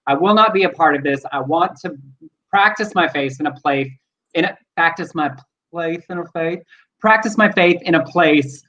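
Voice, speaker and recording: A man co-hosting a live show, briskly reading news items aloud. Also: fairly high pitch, bright, forceful tone, highs cut off. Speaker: co-host.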